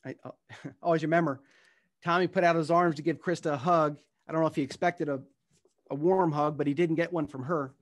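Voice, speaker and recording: A man's voice: fairly high pitch, steady tone, brisk. A middle-aged man giving an earnest, heartfelt storytelling talk as a guest speaker. He sometimes stumbles and restarts as he goes, and partway through he reads a passage from his book.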